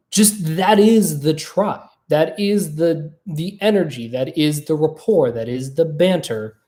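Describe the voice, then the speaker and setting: A podcast host speaking in a relaxed, conversational way, sprinkling in fillers and asking "right?" now and then. The host tells personal stories with animation and acts out both sides of remembered conversations. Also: medium pitch. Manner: animated storytelling, acting out quoted exchanges. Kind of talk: casual monologue.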